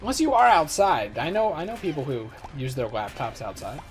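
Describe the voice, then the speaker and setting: A man's voice: a little high, very animated, brisk, faint music behind. Rambling, goofy young gaming commentator man. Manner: rambling, joking, self-mocking. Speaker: let's play host. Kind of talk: casual gameplay commentary.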